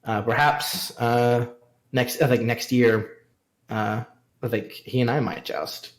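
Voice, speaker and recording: A man plays a courteous young knight in a tabletop fantasy game, formal and a little hesitant in his speech. The voice sits somewhat lower and softer than the man's own, at an even pitch for a man. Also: takes it slowly, natural voice, low-quality recording. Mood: polite.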